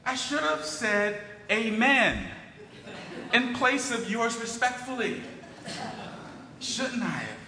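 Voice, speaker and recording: A man's voice: very high-pitched, sing-song, slow pace, pauses often, sharp tone, full character voice. A man reading aloud as an eager, imaginative orphan girl, dreamy and gushing, in a church. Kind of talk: dramatic reading in a service. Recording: roomy hall with long reverb.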